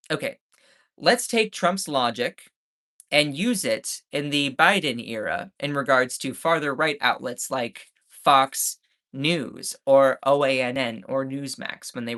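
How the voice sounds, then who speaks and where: A man's voice: medium pitch, bright, forceful tone. A man from the States, ranting sarcastically in live-stream commentary. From Southern United States. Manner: sarcastic, mocking.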